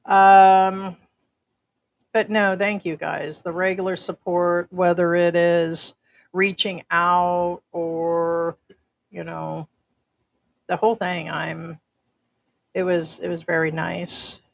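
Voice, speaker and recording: Older american lady chatting on her livestream, lowish voice, greets folks in chat. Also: flat delivery, slow, creaky, long pauses. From United States. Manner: chatty, reads out viewer comments. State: uses a breathing machine. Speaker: livestream host.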